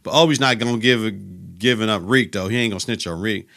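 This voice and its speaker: Bright-voiced man recapping with profane slang. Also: fairly low pitch, fast, gravelly. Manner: profane, animated retelling with slang. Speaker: podcast host. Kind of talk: casual episode recap.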